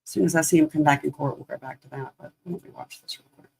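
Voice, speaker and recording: A man hosting a podcast, talking in a loose, halting way as he thinks aloud. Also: fairly high pitch, fairly even intonation, vocal fry, darkish tone, breathy edge. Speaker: podcast host. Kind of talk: casual livestream commentary.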